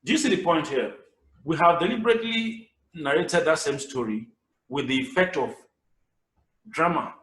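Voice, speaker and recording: A man with a Nigerian accent giving a public speaking webinar over a video call, lively and acting out his examples. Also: a little high, normal speed. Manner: animated, acts out examples. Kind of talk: webinar lecture. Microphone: video call camera mic. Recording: echoey room, voice distant from mic.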